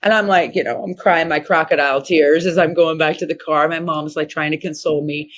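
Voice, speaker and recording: A woman in her fifties from Missouri, speaking in a fairly low voice as an interview guest. She tells her story with animation and jumps high in pitch to act out the people she quotes. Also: fairly even intonation, a little fast, a bit bright. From Missouri, USA. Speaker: guest, horse trainer.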